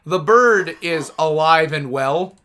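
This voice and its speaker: Gaming streamer, man, slightly high and bright voice, rambling casual storyteller who swears a lot. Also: animated, slow pace. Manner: rambling, self-correcting, swears freely. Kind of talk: casual storytelling while playing.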